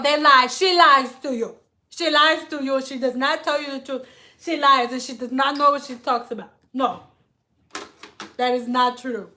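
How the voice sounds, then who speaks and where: A woman hairstylist tells stories on a casual livestream in a blunt, profane, animated way. Her voice sits high and sounds bright and sharp. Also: normal speed.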